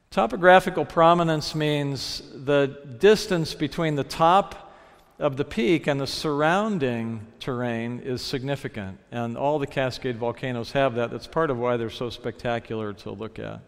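A man's voice: on the high side, clean tone. Man preaching in a reverberant hall. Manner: reflective storytelling, slows down on key phrases. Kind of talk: sermon. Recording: long reverb of a large hall.

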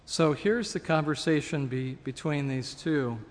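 A man preaches with an earnest, teaching tone, turning questions to his listeners. His slightly high voice rings out in a large church with a long echo. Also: unhurried. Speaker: pastor. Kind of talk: sermon.

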